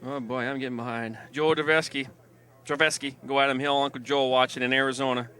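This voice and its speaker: A man calling a football game online, eagerly reading out viewer emails and shout-outs. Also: mid-range voice, little pitch movement, brisk, smooth. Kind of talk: live sports webcast commentary.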